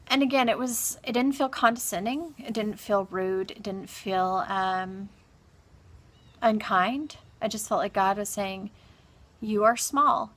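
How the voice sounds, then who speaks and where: A grieving woman recounting a personal experience in a halting, soft-spoken monologue full of pauses and restarts. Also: medium pitch, fairly even intonation. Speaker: vlogger.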